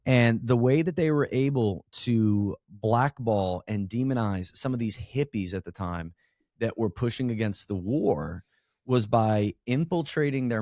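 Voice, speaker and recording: A man talking as a guest on a podcast interview in a casual, animated way, with frequent restarts and slang. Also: on the low side, no echo, studio quality.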